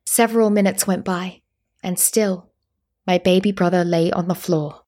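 A woman narrating a historical story in the first person, calm and measured. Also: on the low side.

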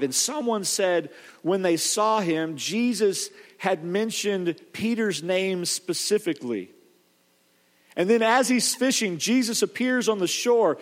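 A man preaching a sermon, telling a story in an animated way with frequent restarts. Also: high voice. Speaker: pastor. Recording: long hall reverb.

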